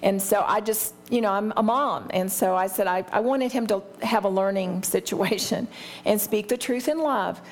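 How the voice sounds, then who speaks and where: A woman's voice: medium pitch, normal speed. Candid woman teaching the Bible. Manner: candid and self-deprecating, laughs often.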